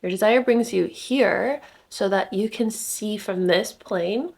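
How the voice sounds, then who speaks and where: A woman's voice: medium pitch, slow pace, gravelly, darkish tone. A young woman in casual spiritual vlog talk, rambling with many fillers and small laughs, slightly congested from just waking up. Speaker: spiritual content creator. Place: rented home indoors.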